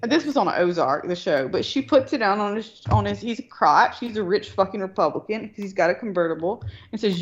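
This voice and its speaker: A woman's voice: medium pitch, expressive, a little fast, few pauses. A woman telling a rambling, profane story in casual chat. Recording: dull lo-fi line.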